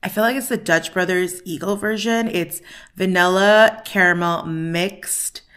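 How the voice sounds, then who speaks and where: Female vlogger at home: rambling casual chat, low-ish pitch, bright forceful tone. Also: unhurried, clear, resonant tone. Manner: chatty, rambling, lots of "like" and "um". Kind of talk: casual vlog chat to camera. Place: at home in her kitchen.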